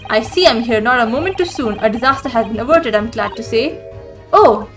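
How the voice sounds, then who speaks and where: A woman voicing a flamboyant, self-assured gentleman detective with a breezy, theatrical manner. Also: very high-pitched, lively intonation, brisk, music in the background.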